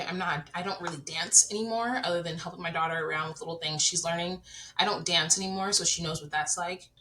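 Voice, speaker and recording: A woman in her thirties hosts a podcast, speaking earnestly and candidly to her listeners about her own life in a confessional, direct way. Her voice is on the low side with a sharp tone, and the low-quality recording carries a little hiss or hum.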